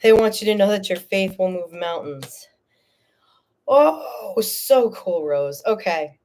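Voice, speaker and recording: A woman giving a live tarot reading, chatty and animated, often checking in with "okay?" and "all right?", and tearful at times. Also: mid-range voice, slow pace. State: tearful, emotional. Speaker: tarot reader.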